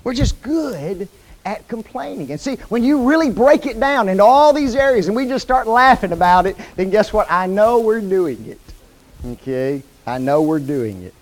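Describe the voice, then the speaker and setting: A man preaches in a church with a high voice that swoops up and down. He keeps tossing questions to the congregation and slows down to stress the scripture he quotes. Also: rough recording. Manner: lively call-and-response questions to the congregation; quotes scripture slowly and emphatically. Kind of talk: sermon. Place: church hall.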